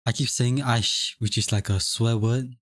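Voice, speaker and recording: This young man from Singapore speaks at normal speed with a mid-range voice and fairly even intonation while casually streaming. Reading the chat aloud, he rambles, repeats himself and often chuckles. It's a dry, studio-quality recording.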